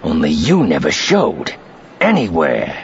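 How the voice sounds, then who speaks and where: A man's voice: extremely low pitch, wildly swooping pitch, measured pace, heavily acted. A man voicing a gloating, threatening male enforcer who growls his lines, in a dull lo-fi recording. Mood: gloating menace.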